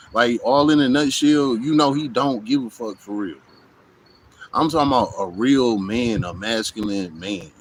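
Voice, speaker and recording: A man vlogging outdoors on a hot day gives a casual, profane, blunt monologue to camera, peppered with "you know what I'm saying." His mid-range voice comes through on a rough recording with a little hiss or hum.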